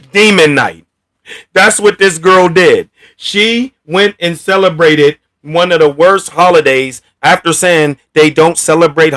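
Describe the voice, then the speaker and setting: A man hosting a casual commentary rant, blunt and profane, talking with animated energy. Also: high voice. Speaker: commentary channel host.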